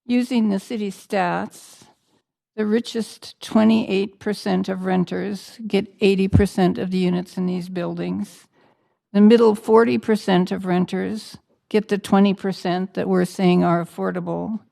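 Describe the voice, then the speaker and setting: A woman's voice: medium pitch, steady tone, unhurried, creaky, warm tone. A woman with a Canadian accent, a city councillor speaking bluntly and critically at a council meeting, citing figures.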